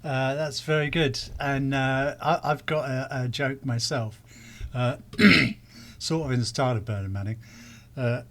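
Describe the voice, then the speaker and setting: Halting man reacting to a comedy clip. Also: medium pitch, fairly even intonation, fairly bright tone. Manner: hesitant, halting, full of uh. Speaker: reaction video host. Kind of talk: casual commentary.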